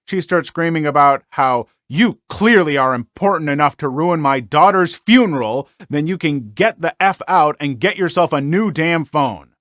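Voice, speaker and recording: A man hosting a story channel, reading online stories aloud and commenting on them in an animated, exclaiming way with frequent filler words. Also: mid-range voice, no room sound, studio quality.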